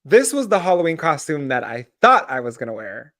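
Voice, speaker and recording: A man's voice: fairly high pitch, very animated, a little fast, a bit bright, no echo, studio quality. An American man in his thirties co-hosting a podcast, telling funny stories in a playful, dramatic way. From United States. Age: 30s. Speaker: podcast co-host. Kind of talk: casual chat.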